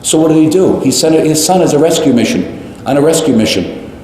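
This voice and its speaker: A male priest preaching a homily, animated and repeating phrases for emphasis, with jokes and tangents. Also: a little high, brisk, slight background noise. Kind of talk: sermon. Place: large church. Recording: echoey church, long reverb.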